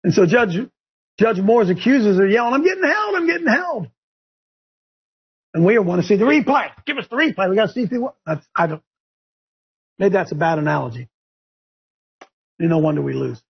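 A man hosting a talk show, ranting in a fiery, preachy way with a gravelly, husky voice. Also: lively intonation, brisk, long pauses, muffled recording. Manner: fiery and preachy, rising to shouts and high mocking voices. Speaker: show host. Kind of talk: impassioned talk show rant.

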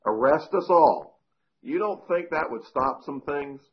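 A man guesting on a talk show, animated and argumentative. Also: a little high, unhurried, husky. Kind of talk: casual studio talk. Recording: dull lo-fi sound with faint noise.

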